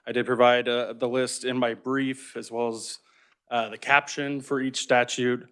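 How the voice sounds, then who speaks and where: A man's voice: mid-range voice, flat delivery, unhurried, fairly bright tone, clear, resonant tone. A man serving as legislative revisor, giving a formal, methodical briefing on a bill into a table microphone in a committee room.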